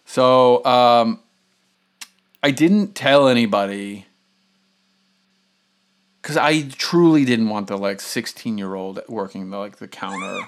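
A man telling a casual story on a podcast, rambling with lots of fillers and animated retellings. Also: mid-range voice, slow pace, pauses often. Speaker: podcast host.

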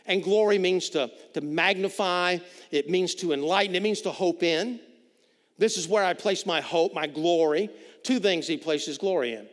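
A man preaching a sermon as pastor, swinging between loud emphatic lines and hushed quiet ones. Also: sits high, moderate pace. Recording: reverberant hall.

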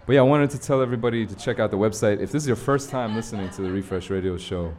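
A man hosting a live radio show from a bar storefront, talking in a relaxed, casual way and affirming his guest often. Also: fairly low pitch, rapid-fire. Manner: laid-back, affirming with frequent backchannels.

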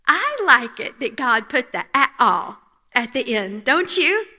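A woman in her forties with a North Carolina accent, giving an earnest and gentle devotional talk as a women's conference speaker. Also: high-pitched, very animated, a little slow. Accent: North Carolina Southern US. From North Carolina, USA. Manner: earnest and gentle, often dropping soft. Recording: reverberant church hall.

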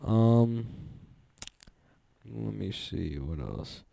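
Young male host, loose excitable recap talk with lots of swearing; dark, mellow tone. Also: lowish voice, very slow, gravelly. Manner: rambling, profane, excitable, laughs often. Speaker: podcast host recapping jiu-jitsu events. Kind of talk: casual solo recap.

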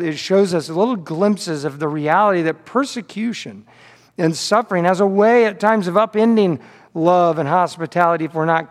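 A man's voice: fairly high pitch, long reverb tail. A man pastor delivering a sermon, telling a story with frequent repeated words on restarts.

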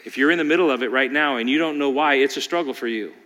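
A male pastor preaching a sermon, moving between loud pleading peaks and quiet storytelling. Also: mid-range voice, fast talker, big-room sound.

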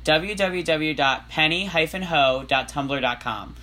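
Bright-voiced joking podcast guy. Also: a little high, unhurried. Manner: rambling, joking, profane. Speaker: podcast co-host. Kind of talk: casual comedy chat and reading aloud.

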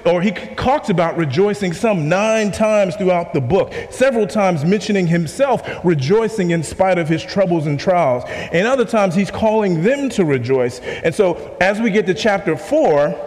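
A man's voice: high voice, a little mellow, in a large hall. A pastor preaching a sermon to his congregation, emphatic, repeating key questions and asking the room to respond.

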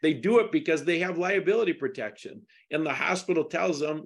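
A man's voice: a little high, animated, fairly quick, few pauses. A middle-aged man talking through a legal case in a casual interview, emphatic and turning to indignant questions. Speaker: podcast guest discussing a lawsuit.

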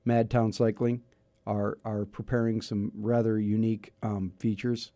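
A man's voice: on the low side, little pitch movement, a little slow, warm tone, dry recording. A middle-aged man hosting a radio talk show, chatty and self-mocking, rambling with restarts. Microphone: studio mic.

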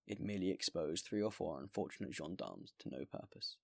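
Gravelly, low-voiced male reader. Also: lively intonation, fairly quick, a little mellow, no room sound. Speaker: podcast host and reader. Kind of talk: reading a classic novel aloud.

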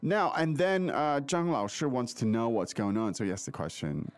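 A man's voice: medium pitch, sing-song, moderate pace, clean tone, no room sound. Guy hosting a language podcast, chatty, voice goes up and down a lot. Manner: chatty, asks leading questions. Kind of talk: casual teaching chat.

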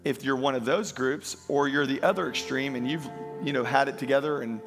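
A man preaching a sermon as pastor, emphatic, slowing and lifting his voice on key lines. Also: mid-range voice, soft background music. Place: church.

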